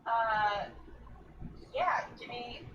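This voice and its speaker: A woman playing a tabletop game, talking briskly and reacting quickly. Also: fairly high pitch, flat delivery, muffled recording. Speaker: player. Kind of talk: casual tabletop play. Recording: distant echoey mic with faint noise.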